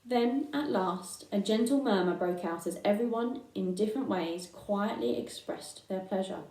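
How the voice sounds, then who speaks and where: A woman reading a children's book aloud in an unhurried way, with fillers between phrases. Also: mid-range voice, a little mellow, far from the mic. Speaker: reader. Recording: echoey room, voice from afar.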